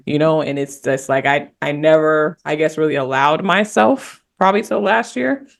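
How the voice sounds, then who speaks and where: A woman's voice: sits low, moderate pace, gravelly. A woman on a podcast panel, candidly and reflectively telling a personal story in casual conversation.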